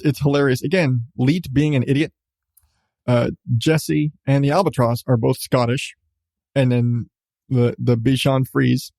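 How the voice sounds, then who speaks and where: A man's voice: medium pitch, gravelly, dark tone, dry recording, studio quality. A male podcast host in casual chat, enthusiastic about what he reviews, laughing often and restarting his sentences.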